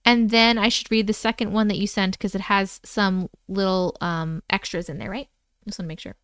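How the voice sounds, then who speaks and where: A woman's voice: mid-range voice, fairly even intonation, moderate pace, a bit bright, no room sound, clean studio sound. A woman hosting a casual livestream from home, chatting with viewers, greeting them by name and laughing often. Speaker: livestream host.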